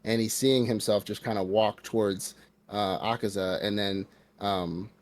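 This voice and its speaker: An American man with a fairly low, unhurried voice recaps a movie on a casual podcast he co-hosts. He's animated, fills his speech with "like," and acts out the characters' lines as he goes.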